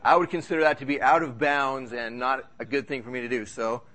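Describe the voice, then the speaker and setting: A man's voice: mid-range voice, steady tone, fairly quick, bright, forceful tone. A man preaching a sermon as pastor in a church service, talking in a conversational, joking, storytelling way.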